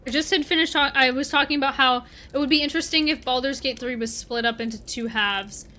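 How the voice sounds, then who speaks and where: Bright high-voiced Canadian woman streamer. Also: fast talker. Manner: chatty, talks back to chat while playing. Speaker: game streamer. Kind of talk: casual livestream chat.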